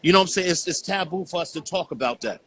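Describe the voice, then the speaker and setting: A man's voice: high-pitched, animated, fast, a bit bright. A man talking earnestly in a casual call conversation as a guest, often saying "you know what I'm saying".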